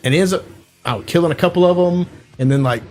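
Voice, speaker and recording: A man's voice: high-pitched, very fast, darkish tone, slight background noise. A man co-hosting a podcast, casually retelling a movie plot in a rambling way, full of "like" and "you know.". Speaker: podcast co-host.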